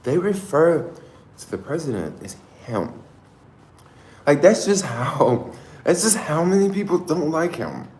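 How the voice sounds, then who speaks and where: A man with a softened Black Southern American accent chats to his viewers in a casual livestream from home. He rambles in relaxed slang, circles back on his thoughts and keeps closing his lines with "yo.". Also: medium pitch, reverberant. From American South, family in Tennessee. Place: home in San Francisco.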